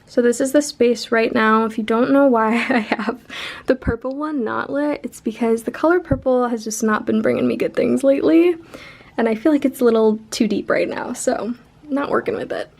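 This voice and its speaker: A woman's voice: fairly high pitch, moderate pace, creaky, a little mellow. A young woman vlogging casually at home, chatty and playful as she shows things to the camera. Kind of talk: casual vlog chat. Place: home, indoors.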